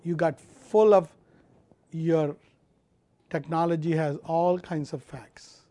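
Impassioned high-voiced male preacher. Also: steady tone, no room sound. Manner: impassioned, swinging from loud emphatic to quiet low; repeats phrases, draws out key words slowly. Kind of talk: sermon.

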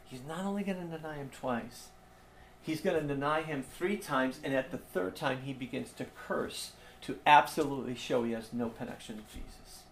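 Male preacher, mid pitch, passionate delivery with hushed repeats; faint noise under the recording. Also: creaky, reverberant. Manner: impassioned, swings from loud emphatic to hushed and repeated. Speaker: pastor. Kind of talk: sermon.

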